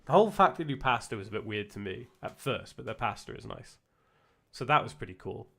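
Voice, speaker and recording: A man's voice: fairly low pitch, expressive, fairly quick, creaky, fairly bright tone. A young man with a British accent chatting casually while streaming a game, rambling with lots of restarts and self-corrections. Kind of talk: casual chat while gaming.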